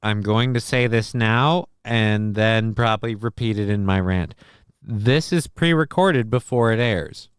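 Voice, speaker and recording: A man's voice: on the low side, measured pace, clean tone, dry recording. A man hosting a podcast, ranting angrily and sarcastically with profanity about politics from a home studio. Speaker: podcast host. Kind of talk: heated political rant.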